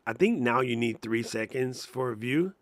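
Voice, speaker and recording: A man co-hosting a podcast in casual chat, animated and joking, slipping into quick impressions. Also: medium pitch, no room sound. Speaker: podcast co-host.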